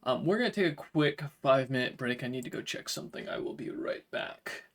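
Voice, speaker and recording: A man running a tabletop game as game master, talking in a relaxed way with frequent fillers. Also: mid-range voice, fairly quick.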